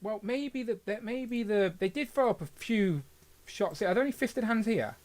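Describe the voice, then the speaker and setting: A man's voice: high-pitched, expressive, moderate pace, a little mellow. A man hosting a casual livestream, rambling and correcting himself as he reads the chat aloud. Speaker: podcast host.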